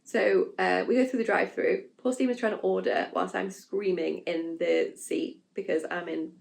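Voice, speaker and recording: A woman's voice: lowish voice, fairly even intonation, normal speed, vocal fry, darkish tone. A young woman vlogger telling her own story frankly and casually, full of fillers and asides, acting out her own panicked quotes. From England. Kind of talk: candid storytelling vlog.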